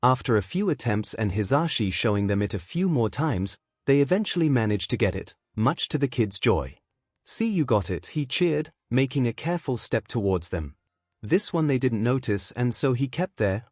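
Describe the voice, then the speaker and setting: A man reading a fan-fiction story aloud as a narrator, in a measured storytelling way. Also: mid-range voice, lively intonation, a little mellow, no room sound, clean studio sound.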